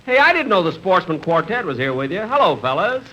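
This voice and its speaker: A man's voice: high voice, very animated, fairly quick, pushed and bright, muffled recording, exaggerated voice. A middle-aged man playing a vain, thrifty comedian in a 1950s radio comedy, with dry, incredulous timing. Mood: breezy, friendly. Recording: faint hiss of old radio broadcast.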